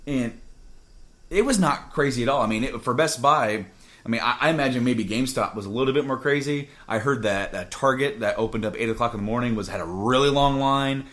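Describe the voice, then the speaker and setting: In a studio, a gaming podcast host sips beer and rambles through loose, casual conversation. His voice is medium in pitch and fairly bright, and he talks a little fast.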